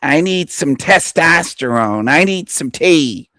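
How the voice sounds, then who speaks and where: A man's voice: on the high side, animated, slow, bright, forceful tone, dry recording, clean studio sound, voice pushed up, heavily acted. A man putting on a mocking voice of a whiny man begging for testosterone, pleading over and over.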